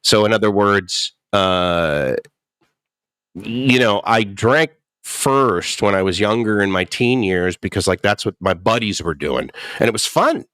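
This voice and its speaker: A man's voice: on the low side, expressive, unhurried, fairly bright tone, clear, resonant tone, no room sound, studio quality. A man in his fifties in recovery, telling his story candidly and animatedly, often chuckling and acting out quotes. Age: 50s. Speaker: guest speaker in recovery. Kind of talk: candid personal talk.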